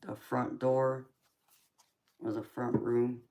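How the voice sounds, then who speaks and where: A woman reading tarot on a live stream, chatting casually with viewers and calling them sweetheart and honey, murmuring quietly as she tidies her cards. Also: a bass voice, little pitch movement, slow, slight background noise.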